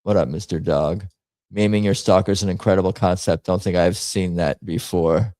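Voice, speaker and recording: A man hosting a livestream, chatting casually and thinking out loud as he reacts to memes and viewer comments with jokey asides. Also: deep voice, steady tone, moderate pace, dry recording. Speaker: livestream host.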